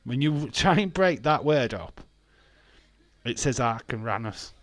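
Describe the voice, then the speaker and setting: A man's voice: medium pitch, animated, unhurried, a bit bright, no room sound. A British man hosting a wrestling watch-along stream, reading chat aloud, laughing often and arguing playfully, with some swearing. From Britain. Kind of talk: casual live-stream chat.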